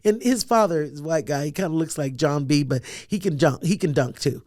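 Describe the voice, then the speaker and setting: A woman's voice: sits low, brisk, a little mellow, dry recording, clean studio sound. A woman in her fifties, a comedian guest, telling stories in casual chat and acting out the dialogue. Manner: storytelling, acts out dialogue.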